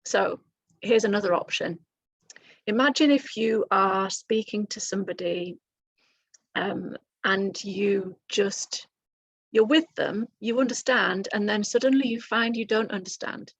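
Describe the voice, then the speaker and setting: Facing the camera, a woman teaches English clearly and encouragingly, acting out example phrases for learners. Her voice is mid-range and her pace measured.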